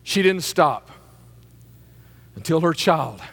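A man preaching a sermon as pastor, emphatic, with a rising delivery that at times pushes toward a shout. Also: high-pitched, lively intonation, normal speed, big-room sound.

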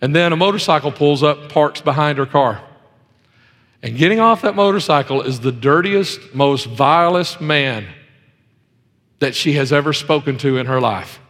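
A pastor preaching a sermon, swinging between loud emphasis and hushed asides, telling folksy stories with many repetitions. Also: male voice, a little high, animated, normal speed, big-room sound, faint music behind.

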